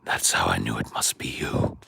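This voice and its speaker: A man voicing a wise ancient male dragon, slow and menacing, in a very deep whispery voice. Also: vocal fry, background noise, full character voice. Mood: ominous.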